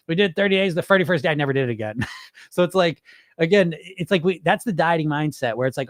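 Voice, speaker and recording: Animated, swearing male podcast host. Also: on the high side, quick pace, no room sound, clean studio sound. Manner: animated, profane, rambling. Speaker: podcast host and weight-loss coach. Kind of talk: casual podcast chat answering viewer comments.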